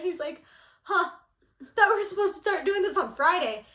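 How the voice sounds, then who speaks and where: A woman's voice: very high voice, animated, a little fast, pushed and bright. A woman from Southern California co-hosting a cross-stitch channel, telling a story in casual chat and acting out quotes with laughter. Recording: echoey room.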